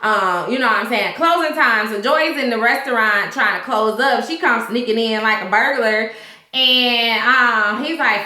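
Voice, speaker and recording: A woman casually recapping a TV episode, retelling scenes in animated, slangy talk and acting out the lines. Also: fairly high pitch, moderate pace, reverberant. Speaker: TV episode reviewer.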